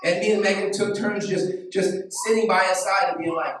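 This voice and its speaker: A man's voice: high-pitched, fairly even intonation, moderate pace, hardly any pauses, a bit bright. Man preaching in an echoey church hall. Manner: casual, storytelling, full of "like". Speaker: pastor. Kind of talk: sermon. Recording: echoey hall, mic at a distance, faint music.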